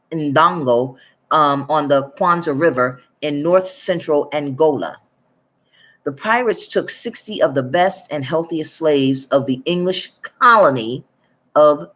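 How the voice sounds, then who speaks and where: A woman from the northern United States, talking to her channel in a loose, rambling way as she reads out figures, with many pauses and self-corrections. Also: sits low, a bit bright. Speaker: YouTube commentator. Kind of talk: casual monologue reading from documents.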